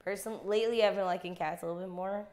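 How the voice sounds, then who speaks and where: A young woman co-hosting a podcast in casual chat, an animated storyteller who swears freely and laughs mid-sentence. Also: medium pitch, fast. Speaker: podcast co-host.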